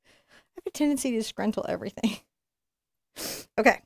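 A woman's voice: a little high, a little fast, vocal fry, dry recording. Chatty woman teaching painting, dry sound. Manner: chatty, encouraging, thinks aloud while working. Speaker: painting instructor. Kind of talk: live painting tutorial.

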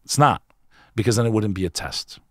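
On a clean, echo-free studio track, a man guesting on a podcast recounts something personal in a low but fairly bright voice. His delivery is brisk with lively intonation, earnest and emphatic in a casual way, peppered with "bro."

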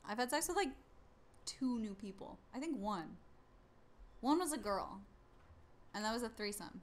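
A woman's voice: on the high side, lively intonation, normal speed. A young woman speaking as a stream guest, blunt, frank and teasing. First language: not English. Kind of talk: casual chat.

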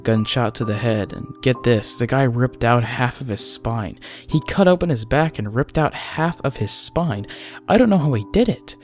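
A man's voice: mid-range voice, normal speed, faint music behind, natural voice. A man voicing a blunt male medic who describes injuries in a matter-of-fact way in a horror story reading. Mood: offhand.

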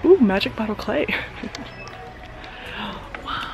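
A young woman vlogging casually with excitable, bubbly energy, sometimes dropping to a whisper in public, recorded on a handheld camera. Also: on the high side, slow pace. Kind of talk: casual vlog chat. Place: at home, then a craft store. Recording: pop music clearly audible behind.

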